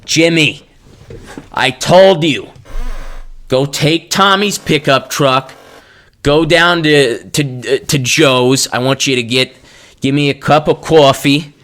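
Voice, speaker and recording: A man putting on the voice of a pushy New York cab driver, barking loud, bossy orders. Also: fairly high pitch, slow pace, voice pushed up.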